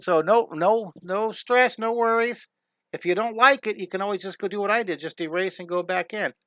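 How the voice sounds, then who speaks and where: A high, bright male voice with an excited, chatty delivery, teaching a live drawing class in a middle-aged voice. The sound is close and dry, with no room around it. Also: normal speed, no room sound. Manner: enthusiastic, rambling, reads viewer comments aloud. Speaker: drawing instructor. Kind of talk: live-streamed drawing lesson.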